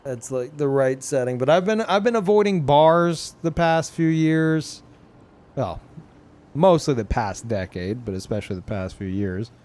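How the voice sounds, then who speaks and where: A man's voice: medium pitch, measured pace, darkish tone. A man from Louisiana chatting casually on a live stream, rambling and swearing, with many restarts.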